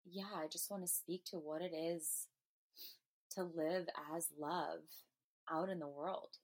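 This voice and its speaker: A woman's voice: on the low side, steady tone, a little slow, a little mellow. Earnest woman sharing a personal story. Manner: earnest, emotional, meandering with fillers. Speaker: podcast host. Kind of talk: personal spiritual monologue.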